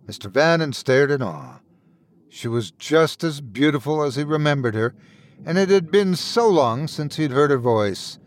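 A man narrating a scripted horror story with a dramatic, expressive delivery. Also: a little high, unhurried.

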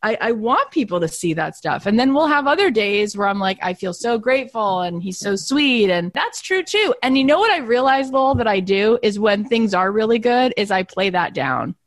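A woman's voice: normal speed, hardly any pauses, no room sound. A middle-aged woman hosting a podcast in casual chat, telling stories and acting out quotes. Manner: animated storyteller, acts out quotes in high voices. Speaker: podcast host.

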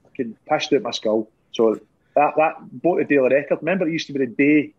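Scottish man, ex-pro footballer guest, husky and a bit high, laughing and swearing as he tells yarns. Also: fast talker, highs cut off. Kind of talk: casual storytelling chat.

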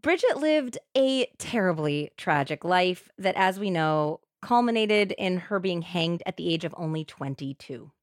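A woman's voice: lowish voice, measured pace, few pauses, dry recording. Dry-voiced woman telling a true crime story. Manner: animated, expressive storytelling. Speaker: podcast co-host.

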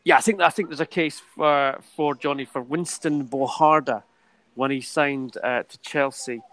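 A man of middle pitch telling football stories in a relaxed, chatty podcast style. He laughs often and drifts between asides. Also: measured pace, rough recording. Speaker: football transfer journalist. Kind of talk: podcast discussion.

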